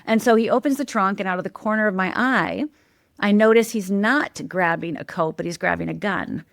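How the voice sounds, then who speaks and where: A woman's voice: medium pitch, brisk, vocal fry, dry recording, studio quality. A middle-aged woman, a life coach and podcast guest, telling a personal story candidly and emphatically, often checking in with "right?".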